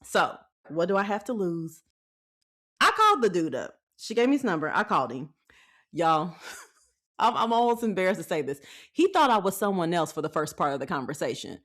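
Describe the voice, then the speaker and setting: A woman in her thirties hosting a podcast, giving frank faith-based dating advice in a folksy, animated way, acting out what people said. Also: fairly low pitch, moderate pace. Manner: animated storytelling with acted-out quotes; folksy, frank, laughs often. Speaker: podcast host.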